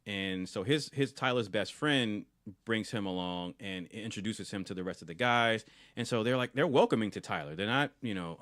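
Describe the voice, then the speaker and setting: A man, a podcast co-host, retelling a film scene in casual review chat, animated and often restarting and repeating words. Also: lowish voice, normal speed, dry recording, clean studio sound.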